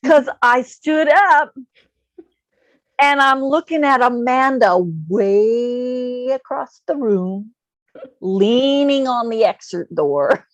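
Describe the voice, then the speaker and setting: Slow-talking woman telling a story. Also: a little high, no echo. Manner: emotional, laughs often while telling. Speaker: guest. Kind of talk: casual storytelling.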